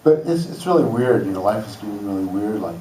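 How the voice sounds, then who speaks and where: A man's voice: lowish voice, lively intonation, quick pace, mellow, slight background noise. Rambling comic man in a roomy hall. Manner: rambling, laid-back, loose jokey delivery. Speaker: stand-up comedian. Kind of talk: stand-up comedy. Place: school hall open stage before a laughing crowd. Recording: roomy hall, mic set far off. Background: audience laughter.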